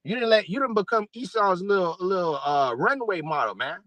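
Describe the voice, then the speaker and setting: A man's voice: high voice, lively intonation, brisk, fairly bright tone, dry recording, lo-fi sound. A man giving an angry, profane religious rant to camera as an online preacher, repeating himself and restarting often. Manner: profane, repetitive, many fillers and restarts.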